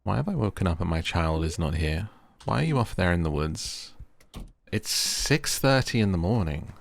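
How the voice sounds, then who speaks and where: A man's voice: low-pitched, lively intonation, moderate pace, creaky. A young man casually commenting while playing a cozy game, chatty and playful, easily delighted. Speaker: gaming video creator. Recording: game music behind.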